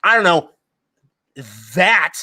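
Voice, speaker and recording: A man hosts a podcast in a loud, heated rant, piling on swear words and tripping over his own restarts. His voice sits a little high and sounds bright and forceful, recorded close and dry with no room sound. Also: slow, no room sound. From United States. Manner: profane heated ranting with stammered restarts. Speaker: podcast host. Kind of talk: casual podcast chat.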